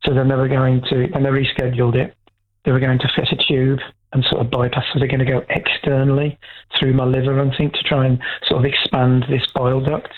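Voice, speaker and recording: A man's voice: mid-range voice, monotone, a little fast. A man calling into a radio phone-in, speaking frankly and rambling with restarts. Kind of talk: candid phone-in call. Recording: tinny phone line.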